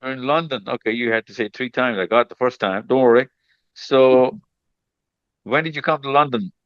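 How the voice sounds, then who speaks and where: A man chats casually with a group of teenagers, teasing them and then reassuring them with repeated phrases. His voice sits at a middle pitch. The sound is dry and a little dull, as if it comes over a video call. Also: moderate pace, no echo. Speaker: mentor hosting a session with teenagers.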